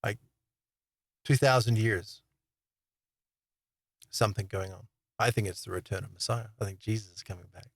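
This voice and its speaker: A man's voice: on the low side, fairly even intonation, moderate pace, long pauses, slightly rough, no echo. A man hosting his own channel, talking casually and rambling through a monologue with many fillers, restarts and chuckles. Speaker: online Bible teacher and channel host.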